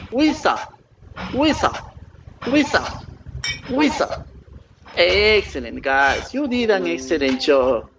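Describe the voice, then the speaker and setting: A man's voice: high-pitched, a bit bright, slight background noise. A man presenting a pronunciation lesson as a student, repeating each word several times and encouraging his listeners. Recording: dull lo-fi recording.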